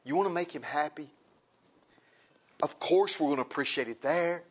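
A man preaching a sermon in a folksy, impassioned way. He repeats phrases and swings between loud and soft. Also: on the high side, normal speed, husky, dull audio.

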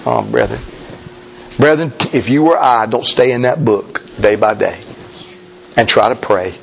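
A man preaching a sermon, folksy and emphatic, with sudden shouts and slow drawn-out lines. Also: medium pitch, lively intonation, gravelly, dull audio, a little hiss or hum.

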